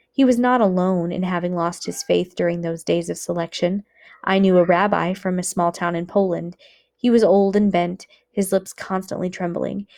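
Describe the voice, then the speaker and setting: A woman teacher reading a book aloud for students in a measured, earnest way. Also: fairly low pitch, creaky, a little mellow.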